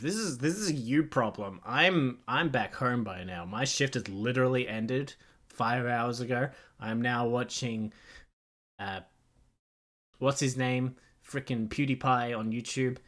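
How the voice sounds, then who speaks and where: A man's voice: mid-range voice, unhurried, a bit bright. A man live-streaming a game, sarcastic and joking, swearing casually and laughing often as he teases the characters.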